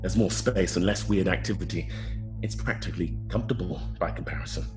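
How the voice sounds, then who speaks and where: A man co-hosting a podcast, reading a book excerpt aloud in a measured storytelling way. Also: low-pitched, over music. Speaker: podcast co-host.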